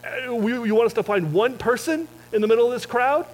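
A man's voice: extremely high pitch, brisk, big-room sound, pitched above the performer's own voice, poor audio. A man voicing an incredulous, exasperated disciple who talks sarcastically with a raised voice.

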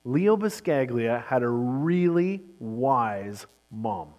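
A man giving a sermon as pastor, telling a story and shifting between brisk and slow, emphatic delivery. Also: medium pitch, lively intonation, big-room sound, highs cut off.

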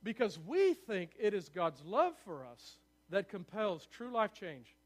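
A man preaching a sermon to his church, excitable and fast-talking, often asking the room for agreement. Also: sits high. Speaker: pastor. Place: church sanctuary.

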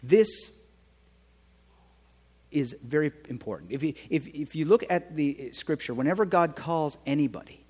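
Husky-voiced male preacher, lively pitch. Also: a little fast, few pauses, long reverb tail. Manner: conversational, checks in with rhetorical "right?". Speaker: pastor. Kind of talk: sermon.

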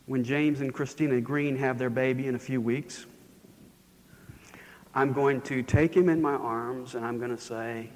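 A man's voice: medium pitch, fairly even intonation, a little slow, a little mellow, big-room sound. A man preaching a sermon in a storytelling manner, his voice rising and falling for emphasis. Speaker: pastor.

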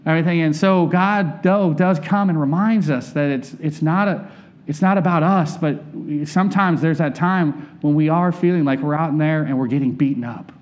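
A man's voice: fairly high pitch, normal speed. A man preaching a conversational sermon, candid and personal, often turning to ask his listeners questions.

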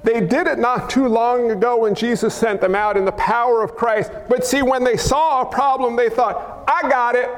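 Animated high-voiced male pastor, echoing hall. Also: normal speed, few pauses. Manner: animated, acts out crowd cries and quotes. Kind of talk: sermon. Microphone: wearing a mic. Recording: long hall reverb.

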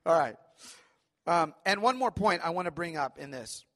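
A man's voice: a little high, lively intonation, normal speed, pushed and bright, long reverb tail. A man preaching a sermon as pastor, talking in an earnest, conversational way with frequent fillers and check-ins to the congregation. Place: church sanctuary.

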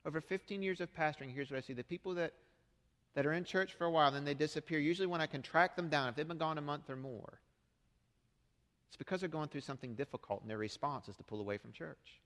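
A man's voice: on the high side, fast, a bit bright, long reverb tail. A middle-aged man preaching a sermon as pastor, speaking conversationally and asking the congregation rhetorical questions. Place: church sanctuary.

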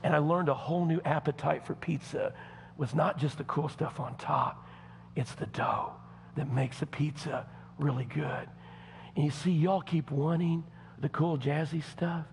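Fiery Southern pastor in a ringing hall. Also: male voice, fairly high pitch, a little slow, creaky, a little hiss or hum. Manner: folksy, addresses congregation directly, swings from hushed to shouting. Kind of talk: sermon. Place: church. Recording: long church hall reverb.

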